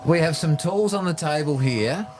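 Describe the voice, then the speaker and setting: A man's voice: fairly high pitch, animated, normal speed, loud music behind the voice. A man with an Australian accent hosting a casual podcast, loose and jokey as he steers the conversation. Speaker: podcast host.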